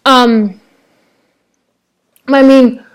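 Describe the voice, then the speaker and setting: A young woman, chatting casually to her laptop webcam at home, rambling excitedly with lots of fillers and restarts. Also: high-pitched, extremely slow, clear, resonant tone. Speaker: vlogger reviewing a TV episode. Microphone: laptop webcam microphone.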